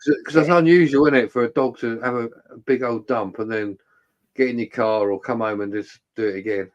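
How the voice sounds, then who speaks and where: A man's voice: medium pitch, steady tone, fairly quick, highs cut off. A man chatting casually, rambling with many restarts. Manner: rambling, hesitant, with repeated restarts. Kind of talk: casual chat.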